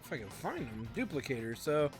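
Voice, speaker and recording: A man's voice: mid-range voice, very animated, brisk, faint music behind. Rambling man narrating gameplay. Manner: rambling and self-talking, with fillers and mild joke curses. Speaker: let's play host. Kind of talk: casual gameplay commentary.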